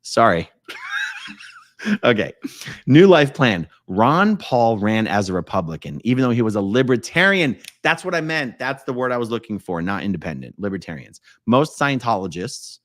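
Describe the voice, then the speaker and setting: This man's medium-pitched voice is sing-song and moderately paced, captured in a dry, studio-quality recording. Hosting a casual live stream, he reads viewer comments, rambling, correcting himself, and laughing often.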